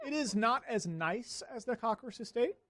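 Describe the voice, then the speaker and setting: A man running a tabletop game as game master, narrating in a laid-back way with filler pauses. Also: very high voice, lively intonation, fairly bright tone.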